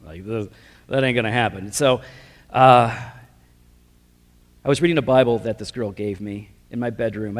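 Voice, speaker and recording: A man shares his testimony from the pulpit in a loose, self-deprecating way, dropping "man" and "like" as he goes. His voice is mid-pitched. It rings out with the long reverb of a big hall. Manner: casual, self-deprecating storytelling with slang fillers. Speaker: preacher giving his testimony. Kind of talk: personal testimony talk.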